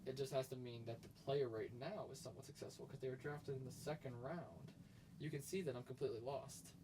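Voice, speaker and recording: A man co-hosting a casual sports podcast, talking in an excitable, animated way. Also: medium pitch, a little fast, distant mic, background noise. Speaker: co-host.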